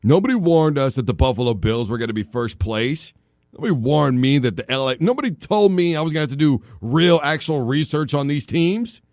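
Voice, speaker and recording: A man's voice: mid-range voice, a little fast, no room sound. A man hosting a sports talk show in a studio, joking and spinning long comic comparisons. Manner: animated, jokey, tells long comic analogies. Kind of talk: casual sports radio talk. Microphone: studio microphone.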